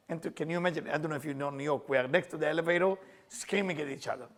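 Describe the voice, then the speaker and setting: A middle-aged Kabbalah teacher with an Israeli accent speaks in a slightly high voice, telling a story as a lesson at a rapid-fire pace. He acts out the dialogue in loud, animated bursts.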